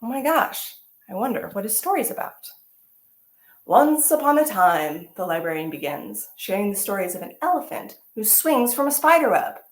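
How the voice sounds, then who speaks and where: A woman teaching artist reading a picture book aloud to children, animated and exclamatory, often asking them questions. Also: mid-range voice, brisk, reverberant.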